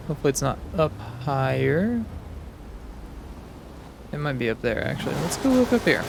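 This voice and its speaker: A man, the host of a gaming channel, giving relaxed gameplay commentary and thinking aloud as he plays. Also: medium pitch, vocal fry, background noise. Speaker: gaming YouTuber.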